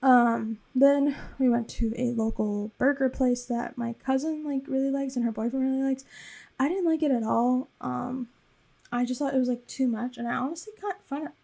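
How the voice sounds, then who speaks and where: A young woman narrates her vlog in a loose, chatty way, with lots of filler as she wanders from point to point. Her voice sits a little high, with a warm, mellow tone and a gravelly vocal fry running through it. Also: fairly even intonation, moderate pace. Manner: rambling and chatty, with frequent fillers. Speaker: planner vlogger. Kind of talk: casual voice-over recap.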